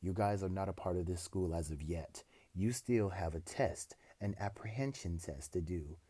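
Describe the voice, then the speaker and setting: A man voicing a strict adult male teacher who gives orders in a flat, commanding way. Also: low voice, normal speed, breathy edge, no echo. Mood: stern.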